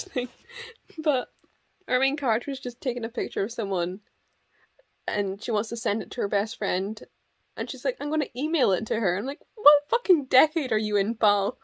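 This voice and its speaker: Scottish woman, young, casual to-camera book vlog, laughs easily, fairly high pitch. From Scotland. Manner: chatty, laughing, wry. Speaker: book vlogger.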